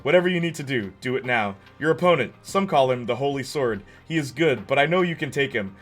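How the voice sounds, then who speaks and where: Guy putting on a french-accented lady coordinator, peppy pep talk, bright punchy tone. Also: medium pitch, lively intonation, a little fast, faint music behind. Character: brisk woman fight coordinator with a French accent.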